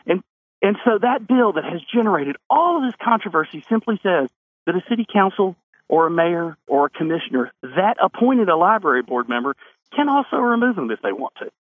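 A state lawmaker calls into a radio talk show over a phone line, his high, husky voice sing-song and fairly quick with no echo. He speaks emphatically in this call-in interview, answering his own rhetorical questions.

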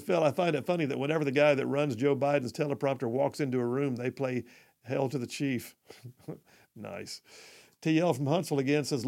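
A man's voice: mid-range voice, vocal fry, a little mellow. A middle-aged man hosting live talk radio, rambling with many fillers and restarts.

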